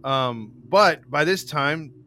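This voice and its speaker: A man hosts a live podcast and reads out a grim case between loose banter. His tone is bright and forward, and he laughs often and slips into loud joking voices. A faint hiss of noise runs under the recording. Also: fairly high pitch, lively intonation, slow pace. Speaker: podcast host. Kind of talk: casual live-show chat, reading a true-crime case.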